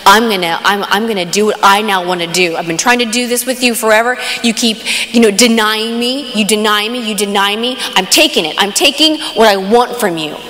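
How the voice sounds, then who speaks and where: A pushy young man , voiced by a woman speaker, presses his demands in a lowered, aggressive voice. The sound rings out in a large hall with long reverb. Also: brisk, few pauses, sharp tone, lightly acted. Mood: menacing. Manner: aggressive, insistent. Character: pushy young male neighbor demanding control.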